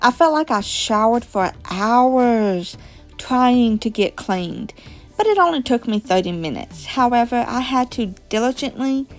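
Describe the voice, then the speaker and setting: A woman in her thirties hosting a crafting video, telling a summer memory in a slow, deliberate storytelling way with soft chuckles. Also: fairly high pitch, lively intonation. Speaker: crafting channel host. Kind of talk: slow reminiscing chat over crafting. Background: soft background music.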